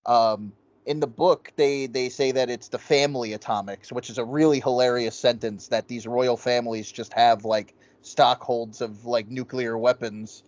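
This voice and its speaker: A man co-hosting a casual movie review chat, talking excitedly and swearing often. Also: medium pitch, moderate pace, hardly any pauses, no room sound. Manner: excited, profane, quotes scenes in goofy voices. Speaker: podcast co-host.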